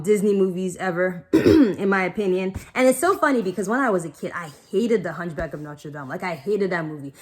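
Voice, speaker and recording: A young adult woman casually chatting to camera, rambling with many fillers and getting emotional now and then. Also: medium pitch. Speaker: vlogger.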